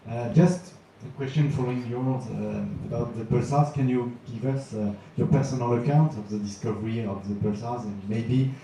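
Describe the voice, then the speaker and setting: A man's voice: mid-range voice, moderate pace, hardly any pauses, dark tone, slight background noise. A man in the audience politely asking a question, slightly hesitant. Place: lecture hall. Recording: distant, echoey hall.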